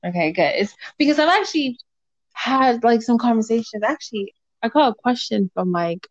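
A young woman co-hosting a podcast, telling a story in casual chat, full of fillers, and acting out other people's lines in lively voices. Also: on the high side, moderate pace, no echo, highs cut off. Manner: animated, acts out quoted voices, lots of fillers.

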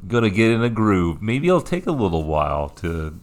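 A man's voice: fairly low pitch, very animated, moderate pace. A man co-hosting a podcast in casual chat, playful and jokey, sometimes slipping into a sing-song delivery. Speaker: podcast co-host.

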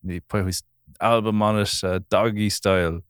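A man's voice: fairly low pitch, steady tone, normal speed, clean tone, no echo, clean studio sound. A man hosting a podcast, rambling through stories in casual chat and laughing easily. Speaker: podcast host.

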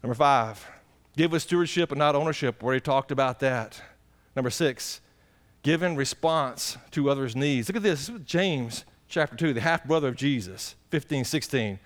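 A middle-aged pastor preaching a sermon in a folksy way, asking the congregation questions, swinging between excited high passages and low quiet asides. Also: male voice, moderate pace.

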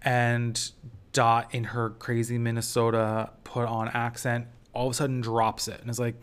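A man's voice: mid-range voice, level tone, normal speed, clean tone. A man hosting a casual solo review podcast, talking in an amused, enthusiastic way with lots of fillers and restarts. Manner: chatty, rambling with many fillers and restarts. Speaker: TV critic podcast host.

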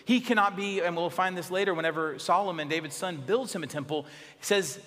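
Man, pastor, sermon, fairly high voice, bright tone, expressive delivery with soft drops. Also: brisk, in a large hall. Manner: expressive preaching, dropping to soft tones for emphasis.

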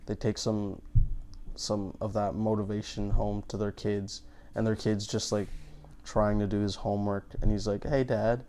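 A man with a fairly low voice riffs in loose podcast chat as a comedian. He rambles, stammers and restarts his sentences as he thinks aloud. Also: monotone, normal speed, mellow.

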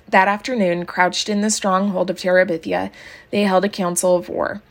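A woman reading a children's novel aloud in a calm, even storybook narration. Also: on the low side, moderate pace. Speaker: audiobook reader.

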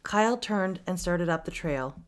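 A woman podcast host reading a story aloud with steady, expressive narration. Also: lowish voice, normal speed, clean tone.

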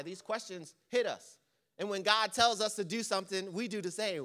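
A man's voice: high-pitched, normal speed, bright, forceful tone. A man preaching a sermon as pastor, firing off impassioned rhetorical questions one after another.

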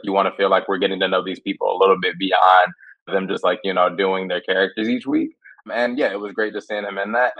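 Lower-voiced chatty panelist man. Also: a bit bright, muffled recording. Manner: enthusiastic, many fillers. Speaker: podcast panelist. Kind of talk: casual chat.

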